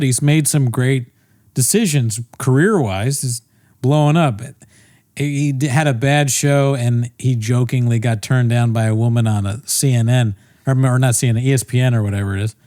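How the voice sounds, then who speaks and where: A man's voice: medium pitch, normal speed, a little mellow, no echo, clean studio sound. A man co-hosting a comedy podcast, ranting in casual profane chat with frequent restarts. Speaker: podcast co-host.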